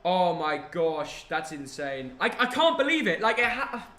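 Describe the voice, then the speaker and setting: A young man calls a football match live, excitable and loud when chances come. His voice sits high and sounds very bright. It carries the echo of a roomy space. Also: measured pace, slight background noise. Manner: excitable, shouts at big chances. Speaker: streamer reacting to a football match. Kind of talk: live match reaction commentary. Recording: echoey room.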